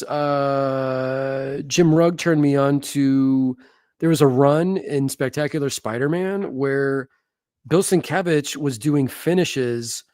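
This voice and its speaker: A gravelly-voiced man gushes about comic art in a loose, slangy way, swearing casually as he goes. His voice sits mid-range, and the room is dry and close. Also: mid-range voice, a little mellow, no room sound. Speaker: comic artist host.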